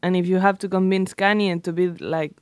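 A man's voice: sits high, little pitch movement, a little fast, clear, resonant tone, dry recording. A man in a casual podcast chat, speaking hesitantly as he searches for words.

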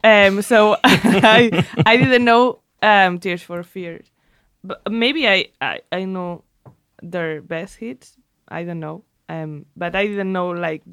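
A woman's voice: fairly low pitch, fairly bright tone, smooth, no echo. A young woman in casual podcast chat, giggly and self-deprecating. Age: young adult.

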